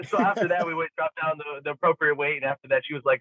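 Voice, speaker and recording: A man's voice: on the high side, quick pace, no room sound. Chatty man on a tinny phone line. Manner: animated storyteller acting out quotes, many fillers. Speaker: podcast guest, athlete. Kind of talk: casual chat.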